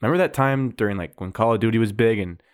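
A man's voice: on the low side, fast talker, clean tone, dry recording. A young man hosting a podcast in a casual, laid-back way, asking questions. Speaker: podcast host. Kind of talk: casual chat.

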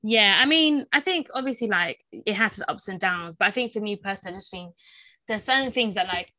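A woman's voice: mid-range voice, expressive, brisk, sharp tone, no room sound. A British woman co-hosting a podcast in casual chat, talking loosely with lots of "like" and frequent laughter. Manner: chatty, lots of "like", laughs often. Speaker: podcast co-host.

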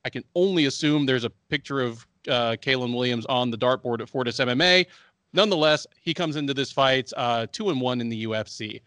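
A man co-hosting a sports podcast, reading a fight preview full of records and betting odds in a measured way. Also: medium pitch, fairly bright tone, no echo. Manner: measured, stat-heavy delivery. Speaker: co-host.

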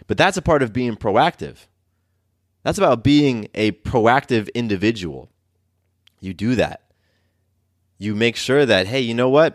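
A man's voice: mid-range voice, no room sound, studio quality. A man hosting a podcast, talking straight to listeners in an earnest coaching tone and repeating his key phrases. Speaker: podcast host. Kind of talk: motivational podcast monologue.

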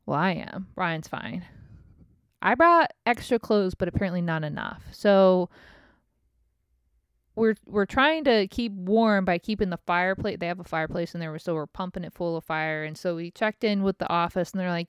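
Woman, thirties, casual storyteller, swears a lot, smooth clear voice, dry close sound. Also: fairly low pitch, normal speed, no room sound. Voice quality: profane, laughing storyteller. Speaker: podcast host. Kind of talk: casual chat.

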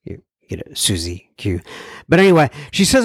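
A man's voice: medium pitch, huge pitch swings, fairly quick, creaky, breathy edge, no room sound, studio quality. A man hosting a recovery podcast, casually reading listener mail aloud with rambling asides, fillers and little self-deprecating jokes. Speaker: podcast host.

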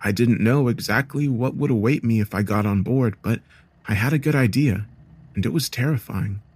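A man reading a first-person horror story aloud in a steady, measured storytelling manner. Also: mid-range voice, slightly rough. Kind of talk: scripted horror story narration.

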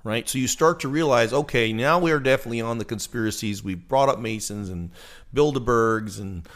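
A man's voice: medium pitch, fairly quick, a bit bright. A man hosting a casual talk show, explaining things at length and laughing easily.

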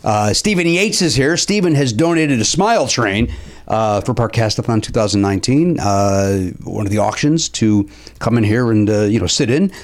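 A male podcast host with a lively, swooping delivery. He rambles, jokes and teases his guest, filling gaps with plenty of "uh"s. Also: fairly low pitch, moderate pace. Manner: rambling, teasing, many fillers. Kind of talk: casual chat.

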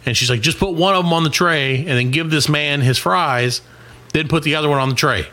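Brief: middle-aged man, lively comedy storyteller, bright voice, fairly high pitch, swears freely. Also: brisk. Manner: animated, swearing, acts out quoted voices. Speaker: podcast co-host. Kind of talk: casual storytelling.

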